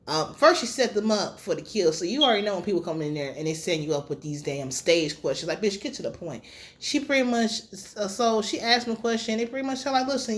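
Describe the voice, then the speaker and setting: A woman recapping and reviewing a TV episode in casual, profane commentary, swinging her voice up and down for drama. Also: on the high side. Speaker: TV show reviewer.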